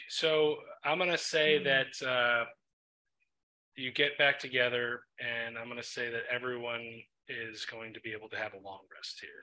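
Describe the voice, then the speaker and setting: A man steers his tabletop group as game master, talking in loose, meandering sentences padded with ums. His voice is strikingly bright and sits at an ordinary middle pitch. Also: rough recording. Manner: relaxed, filler-heavy narration with many ums.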